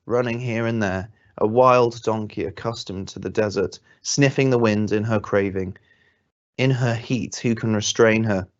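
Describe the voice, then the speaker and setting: A man reading scripture aloud in a plain, steady way, with small slips he stops to correct. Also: lowish voice, lo-fi sound. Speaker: Bible reader.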